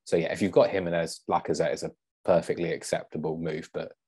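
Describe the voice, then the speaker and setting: A man as a guest on a casual podcast, measured and thinking aloud. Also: deep voice, little pitch movement, warm tone, breathy edge.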